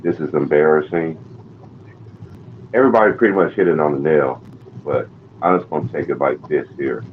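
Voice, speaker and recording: Deep-voiced man ranting about sports. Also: moderate pace. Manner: profane, exasperated ranting. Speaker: panel guest. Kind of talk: heated sports chat. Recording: dull lo-fi call audio with faint noise.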